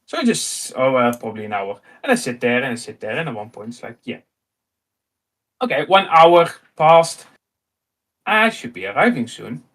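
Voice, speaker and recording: A man in his thirties with a Dutch accent, telling an animated personal story in casual chat and acting out the dialogue. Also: mid-range voice, normal speed. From Netherlands. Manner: animated, acts out dialogue, laughs often. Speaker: host.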